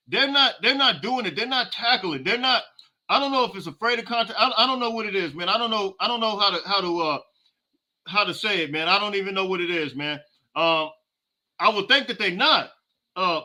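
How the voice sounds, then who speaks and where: Podcast host, male, high-pitched and piercingly bright, ranting in casual slang. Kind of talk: live halftime reaction with viewer comments.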